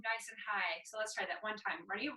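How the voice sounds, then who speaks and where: A woman teaching artist guiding a group movement warm-up with upbeat, encouraging instructions. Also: mid-range voice, steady tone, fairly quick, reverberant, distant mic, rough recording.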